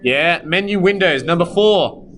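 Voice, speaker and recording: A man teaching a high school maths class in a classroom, sometimes sternly scolding the students at length. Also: animated, a little slow, fairly bright tone, poor audio. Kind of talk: classroom lesson with calculator demo.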